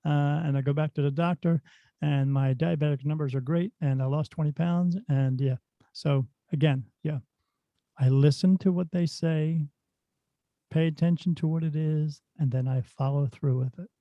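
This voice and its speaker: A middle-aged man, a spirit medium guest on a podcast, telling stories in a lively, casual way. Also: on the high side, moderate pace, dry recording. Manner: animated storyteller who acts out dialogue. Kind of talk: casual storytelling in a podcast interview. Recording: dull, dry lo-fi sound.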